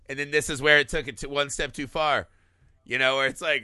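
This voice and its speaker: A man's voice: on the high side, steady tone, fairly quick, pushed and bright, no echo, studio quality. A man co-hosting a casual film discussion, irreverent and profane, laughing often. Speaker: podcast co-host.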